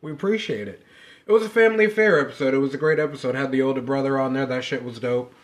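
A man's voice: mid-range voice, very fast. A man co-hosting a casual podcast, telling family stories with lots of swearing and acted-out quotes. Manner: animated storyteller, profane, acts out quotes. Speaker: podcast co-host.

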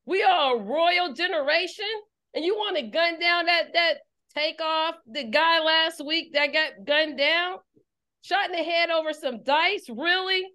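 A woman's voice: extremely high pitch, a little slow, pushed and bright. A woman preacher, delivering a fiery sermon and repeating her phrases for emphasis. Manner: preaching with rising call-and-response intensity, repeats phrases. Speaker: preacher leading an online service.

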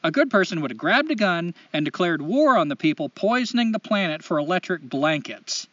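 A man's voice: high-pitched, sing-song, brisk, a bit bright, no echo, recorded from a distance, lo-fi sound. A man co-hosting a podcast, talking casually and launching into blunt, profane rants. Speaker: podcast co-host. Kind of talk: casual podcast chat and ranting monologue.

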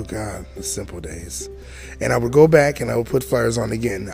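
Slightly mellow and medium in pitch, a forties-aged man recounts his personal story as host of a podcast, talking casually and frequently turning aside to address listeners directly.

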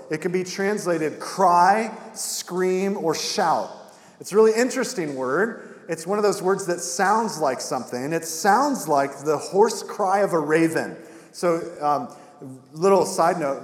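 A man preaching a sermon as pastor, animated, with rising emphasis and direct questions to the congregation. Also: on the high side. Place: church sanctuary. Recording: echoey hall with long reverb.

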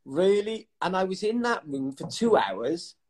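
A middle-aged man from the United Kingdom, a retired athlete telling stories in a chatty, animated way in an interview, laughing now and then. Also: sits high, moderate pace. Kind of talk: casual storytelling interview.

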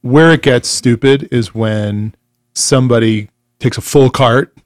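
A man's voice: mid-range voice, a little slow, no echo, studio quality. Blunt, profane man chatting. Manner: blunt, profane, laughs often. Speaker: podcast co-host. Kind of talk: casual chat.

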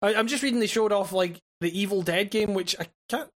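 A co-host chats about games, hesitant and full of stammered restarts, with casual swearing along the way. The voice sits at a middle pitch for its register. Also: a little fast, a bit bright. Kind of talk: casual gaming chat.

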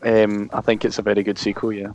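A man's voice: on the low side, little pitch movement, fast, a little mellow, no room sound, soft background music. Stubborn man arguing his point. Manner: argumentative, stubborn, defends his opinion. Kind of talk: casual banter.

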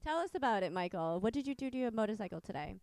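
A woman's voice: medium pitch, very animated, racing, a little mellow, no echo. A woman co-hosting a casual podcast at her home, playful and teasing. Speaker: podcast co-host. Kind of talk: casual chat.

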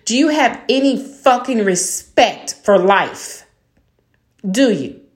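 A woman's voice: fairly high pitch, lively intonation, slow. An older woman and grandmother delivering a heated, blunt monologue, swearing and firing off rhetorical questions at her listeners. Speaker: podcast host. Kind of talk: angry monologue rant. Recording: roomy echo.

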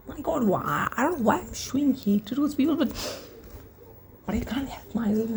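A woman's voice: fairly high pitch, animated, normal speed, long pauses, darkish tone, slight background noise. A woman hosting a solo podcast, rambling and swearing casually, sleepy and yawning as she talks unscripted. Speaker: podcast host.

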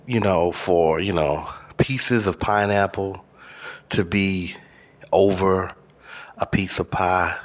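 A man's voice: deep voice, steady tone, slow pace. A man hosting a podcast, delivering a profane solo rant with exaggerated outrage and lots of fillers. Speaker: podcast host.

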